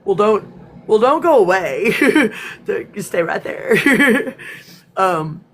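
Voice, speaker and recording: A woman's voice: medium pitch, very animated, slow pace. A woman from East Texas, hosting a live spiritual class in casual chat, emotional and laughing often, near tears.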